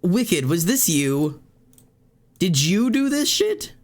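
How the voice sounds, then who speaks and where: A man's voice: sits high, big pitch swings, slow pace. A young man streaming a game, exclaiming often and talking in an emotional, tearful, laughing way.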